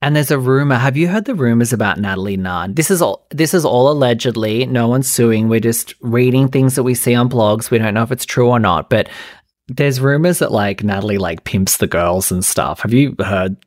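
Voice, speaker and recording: A man hosts a podcast in a loose, gossipy chat, his talk studded with "like" and quick asides. His voice sits at an ordinary middle pitch. The sound is dry and close, with no room around it. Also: no echo. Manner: chatty, gossipy, lots of "like" fillers. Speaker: podcast host.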